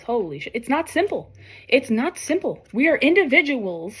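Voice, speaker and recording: A young woman giving a casual, animated tarot reading straight to her viewers, swearing freely and talking directly to them. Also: on the high side, husky. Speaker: tarot reader.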